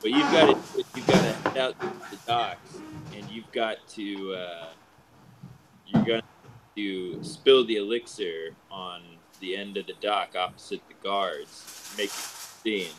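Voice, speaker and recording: Man, player, laid-back scheming, hesitant, low voice, noisy with clicks. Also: a little slow. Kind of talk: casual tabletop role-play.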